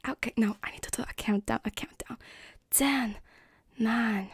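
A woman's voice: fairly high pitch, fairly even intonation, moderate pace, slightly rough, dry recording, studio quality. A woman whispering through a live stream, giggly and self-deprecating as she chats. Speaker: ASMR streamer.

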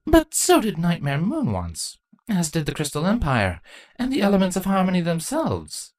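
A woman voicing a proud, sardonic female changeling queen who speaks in a deadpan, matter-of-fact way, in a fan fiction reading. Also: on the low side, normal speed, no echo, voice pushed up.

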